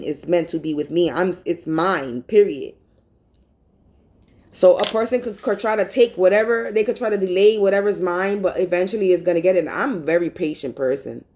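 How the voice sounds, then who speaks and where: A woman's voice: on the low side, darkish tone, low-quality recording. A woman vlogger in a rambling casual monologue, talking bluntly and profanely.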